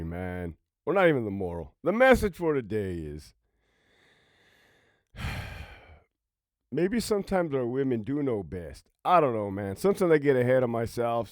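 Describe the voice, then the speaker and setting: A man's voice: mid-range voice, a little mellow, no echo, clean studio sound. A former prison officer telling a casual, profane story from his own life, laughing often as he talks.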